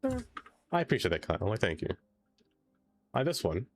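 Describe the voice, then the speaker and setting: A man's voice: lowish voice, huge pitch swings, brisk, a little hiss or hum. Playful man streaming a game. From not American. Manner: playful, theatrical groans, reads chat aloud. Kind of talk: casual live-stream chat while playing.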